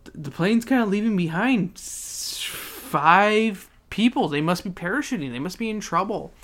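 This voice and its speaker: A podcast host voicing a panicky male radio operator, high and frantic. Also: animated, moderate pace, a bit bright, lightly acted. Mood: panicked.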